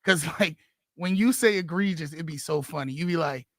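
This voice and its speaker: A man's voice: a little high, normal speed, no room sound. A man working as a radio show producer, bantering playfully in a studio and animatedly telling a story. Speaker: show producer who makes hype songs.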